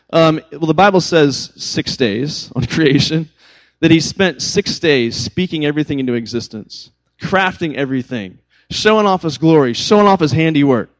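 A man in his thirties preaching a sermon as pastor, conversational and animated, with stories and asides to the congregation. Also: on the high side.

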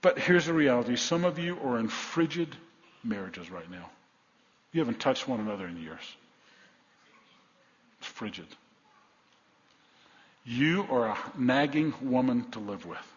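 This is an older male pastor preaching in a church sanctuary, heard with a long hall reverb and a slightly dull, muffled sound. His pitch sits at a middle level. He talks bluntly and folksily, jumping between loud calls to the congregation and hushed asides. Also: big pitch swings, unhurried, pauses often. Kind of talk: sermon.

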